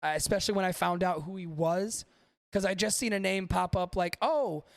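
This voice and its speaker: A man's voice: sits high, fairly even intonation, fairly quick, no room sound, studio quality. A man hosting a podcast livestream, chatting casually and profanely, rambling and talking to his chat. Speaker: podcast host.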